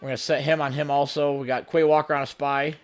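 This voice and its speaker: Man, slightly high voice, let's play commentary, running play-by-play, excitable bursts. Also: fast, smooth. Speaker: gaming channel host.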